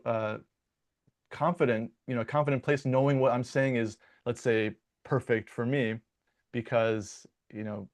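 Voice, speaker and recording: In a conversational interview, a Michigan man who works as a dialect coach explains his ideas in a medium-pitched voice. He restarts often and repeats words.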